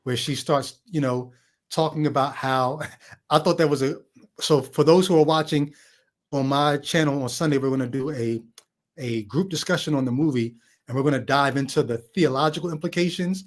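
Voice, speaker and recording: A man with a somewhat high voice hosts a relaxed film chat. He reflects out loud, circling back to the deeper implications of what he saw. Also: moderate pace. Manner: reflective, thinks aloud about meanings. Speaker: podcast host. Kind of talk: casual film discussion.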